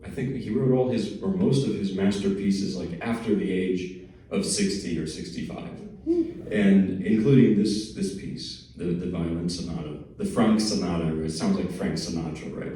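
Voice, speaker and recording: Low, mellow man in a big echoey hall. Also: normal speed. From New Jersey. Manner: chatty and self-deprecating, with small jokes and restarts. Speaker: pianist giving a lecture recital. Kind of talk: casual spoken introduction to a piece. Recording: very echoey hall, mic at a distance.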